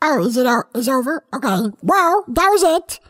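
A woman voicing a dim, rambling young boy who hosts a comedy podcast alone, talking in halting, sidetracked sentences. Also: high-pitched, very animated, fairly bright tone, heavily acted. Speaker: podcast host.

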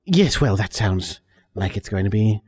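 A man playing a polite, measured academic who speaks slowly and dryly. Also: lowish voice, animated, darkish tone, breathy edge, long reverb tail, pitched below the performer's own voice. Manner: slow, formal, dry.

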